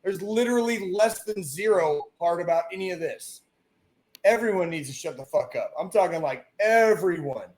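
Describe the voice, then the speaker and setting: A man's voice: high voice, animated, moderate pace, darkish tone. A man co-hosting a casual podcast who rants emphatically, swearing constantly and repeating himself. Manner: profane, emphatic ranting with repeated phrases. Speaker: podcast co-host.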